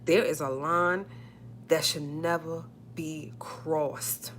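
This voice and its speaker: A woman's voice: deep voice, fairly even intonation, slow, fairly bright tone, slight background noise. A woman vlogger giving emotional, emphatic commentary on a live stream, repeating herself as she works up her indignation.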